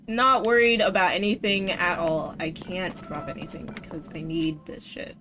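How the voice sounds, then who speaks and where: A woman's voice: lowish voice, steady tone, moderate pace, hardly any pauses. A woman streaming a video game, chatting casually and swinging between mock panic, swearing and sarcastic cheer. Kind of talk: casual gameplay commentary. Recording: game music behind the voice.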